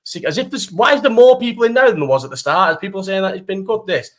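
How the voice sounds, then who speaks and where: High-pitched and quick, the young live chat host rattles off animated stories full of slang and a lot of swearing.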